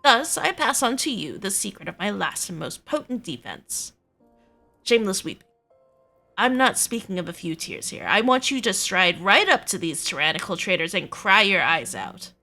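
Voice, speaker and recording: A woman's voice: medium pitch, sing-song, normal speed, gravelly, sharp tone, faint music behind, exaggerated voice. A woman reading as a grandiose guild master. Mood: wry. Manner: dramatic, mock-solemn reading. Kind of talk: reading game dialogue aloud.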